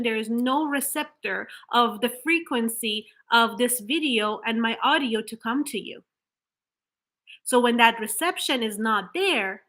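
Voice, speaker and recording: A woman delivers an earnest motivational talk straight to camera. Her voice sits a little high and rings bright. She works through her ideas with rhetorical questions and small restarts. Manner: acts out flat, hollow example affirmations. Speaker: manifestation coach.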